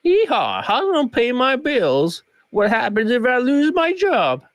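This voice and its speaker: A man putting on a mocking Southern redneck voice, loud and twangy, worrying aloud about bills. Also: extremely high pitch, huge pitch swings, moderate pace, no echo, pitched above the performer's own voice, full character voice. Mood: mock worried.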